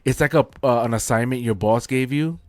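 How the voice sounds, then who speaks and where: A man's voice: medium pitch, brisk, dry recording. A man co-hosting a podcast in loose, joking casual chat, laughing often. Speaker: podcast co-host.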